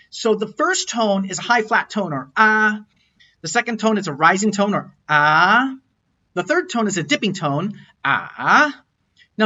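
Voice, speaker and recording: A man's voice: high voice, fairly bright tone. Man explaining tones on a lo-fi recording. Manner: explanatory, stops to demonstrate tones, frequent restarts. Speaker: language teacher. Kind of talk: online lecture with slides. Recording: dull lo-fi recording.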